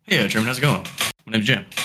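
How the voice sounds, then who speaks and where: An old, creepy dad with a folksy drawl and a soft, gentle way of talking, as a man puts him on. His voice sits low and has a sharp, forceful edge. He keeps calling the young man son. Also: fast talker, husky. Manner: drawling, calls everyone son or boy; soft-spoken. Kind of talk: improvised comedy sketch.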